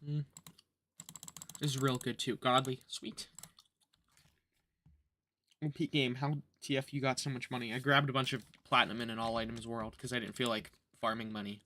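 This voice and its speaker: This gaming livestreamer speaks in a bright, forceful mid-range voice with little pitch movement, a moderate pace, and frequent pauses. He jokes and turns sarcastic while commenting casually on his play, chewing gum and muttering to himself.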